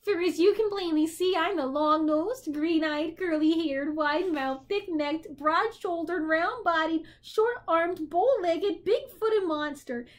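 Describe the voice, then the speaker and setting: A woman voicing a small furry male demon who is sniveling and insecure, with a whiny, high-jumping voice. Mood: boastful. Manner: pitch jumps high, whiny and sobbing.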